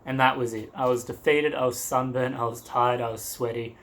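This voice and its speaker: A man's voice: medium pitch, fairly even intonation, brisk, a bit bright. A young man in a travel vlog, telling a story to the camera in a loose, rambling way, with laughs and crude asides. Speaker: travel vlogger.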